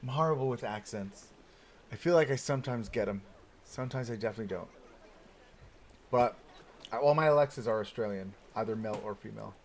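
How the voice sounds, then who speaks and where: A man's voice: mid-range voice, a little fast, pauses often, slight background noise. Chatty man thinking aloud while streaming. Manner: chatty, thinking aloud with many "like"s and rhetorical "right?". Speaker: streamer building a theme park. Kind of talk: casual live-stream commentary.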